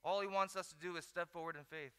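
A man preaching a sermon, telling the story with lively acted-out asides. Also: high voice, fast talker, smooth. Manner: animated storytelling, acts out disciples in mock voices. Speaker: pastor. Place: large hall. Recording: echoey hall.

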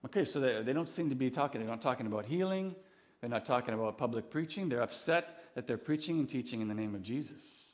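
A man preaching a sermon in an earnest, conversational way, animated and full of restarts. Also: fast. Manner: animated, acts out quoted voices with big pitch swings. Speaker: pastor.

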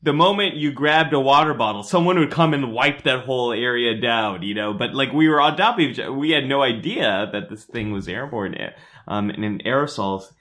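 A man's voice: mid-range voice, fairly quick. A man co-hosting a podcast, casually recounting a personal memory. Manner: relaxed, recounting a personal story with fillers. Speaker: podcast co-host. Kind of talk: casual conversational chat.

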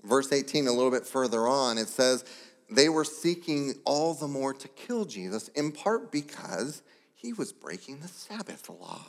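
A pastor delivering a sermon, telling the story with lively asides and brief voiced characters. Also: male voice, mid-range voice, unhurried. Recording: long hall reverb.

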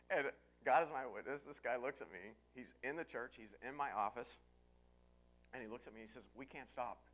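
Male pastor, sermon storyteller, mid-pitched, shifts from hushed to shouting. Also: moderate pace. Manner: storytelling, animated, breaks into yelling and laughter.

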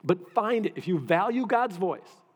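A man's voice: sits high, expressive, measured pace, slightly rough. A male pastor preaching in a casual, conversational way, often repeating phrases for emphasis. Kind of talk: sermon. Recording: long hall reverb.

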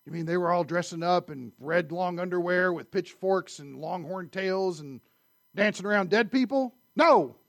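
A man preaching a sermon, animated, swinging from loud emphasis to quiet asides. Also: high-pitched, normal speed, no echo. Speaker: pastor.

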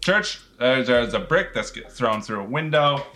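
A podcast host with congested sinuses casually recaps a movie, rambling, swearing, and bursting into laughter. His medium-pitched voice is expressive, bright, and forceful, at a moderate pace.

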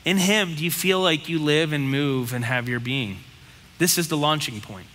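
A man preaches to his congregation in a plain, conversational way, firing off rhetorical questions. His voice is bright and sits a bit high. The sound carries a long hall reverb. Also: moderate pace, slight background noise. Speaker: pastor. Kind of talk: sermon.

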